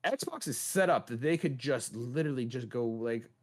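A man's voice: mid-range voice, expressive, normal speed. A man co-hosting a gaming podcast, talking in an emphatic way and asking rhetorical questions. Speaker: podcast co-host. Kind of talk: casual chat.

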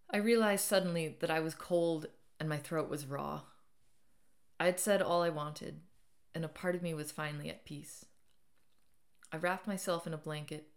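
A woman reading her own memoir aloud as an audiobook, dramatic, rising loud at times and falling nearly to a whisper. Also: fairly low pitch. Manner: dramatic, swells loud and drops to near whisper.

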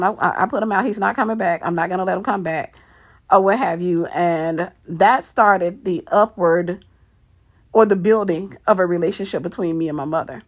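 Husky woman telling an emotional family story. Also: lowish voice. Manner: emotional, acts out quoted family dialogue; repeats "I said" often. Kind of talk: personal story told to camera.

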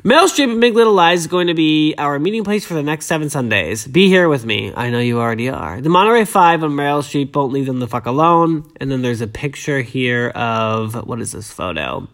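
Chatty woman with a lively, swinging voice. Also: extremely low pitch, fairly quick, hardly any pauses. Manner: chatty, digressive, gushing asides. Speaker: podcast host. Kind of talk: casual chat reading an article aloud.

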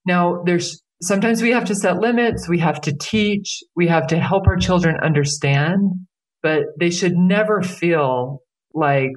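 A woman's voice: lowish voice, unhurried. A woman who works as a life coach, speaking earnestly as a podcast interview guest and repeating key phrases for emphasis.

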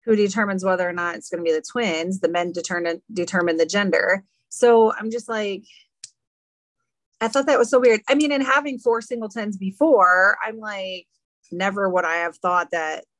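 A woman's voice: medium pitch, normal speed, fairly bright tone, no echo. A middle-aged woman hosting a casual chat, reacting and rambling through her thoughts.

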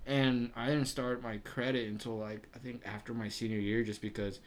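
A young man in his early twenties talks in relaxed podcast chat. His story runs on profanity and rising animation, with frequent laughs. His voice sits at an ordinary middle pitch for a man. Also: normal speed. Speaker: podcast guest.

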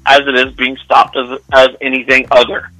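A man's voice: mid-range voice, completely flat delivery, normal speed, sharp tone, low-quality recording. A man in casual podcast conversation, talking bluntly and emphatically, swearing freely. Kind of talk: casual chat.

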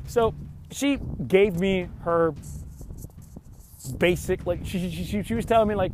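A man's voice: high voice, normal speed, darkish tone, a little hiss or hum. A young man telling a frustrated story in a rambling, casual way, swearing often and filling his speech with "like.".

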